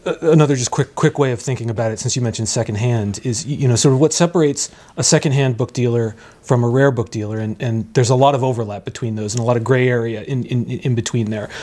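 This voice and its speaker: A man's voice: mid-range voice, fast, few pauses, mellow. A man who deals in rare books, explaining things in an interview in a hesitant way, full of fillers and restarts. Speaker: rare book dealer, guest. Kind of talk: conversational interview.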